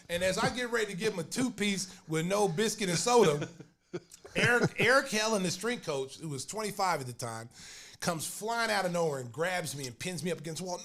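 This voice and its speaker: A man hosting a podcast, telling a story with animated energy and acting out other people's lines. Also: sits high, brisk. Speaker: podcast host.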